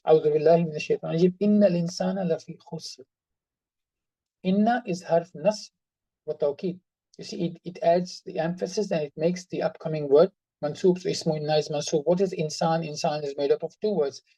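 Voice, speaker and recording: A grammar teacher explains a lesson patiently, going over each example again and again. The voice is mellow and dark, with emphasis carried by tone. The recording is close and dry, with no room sound. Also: mid-range voice, dry recording, low-quality recording. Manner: patient, repeats examples and stresses words by tone. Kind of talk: online class explanation.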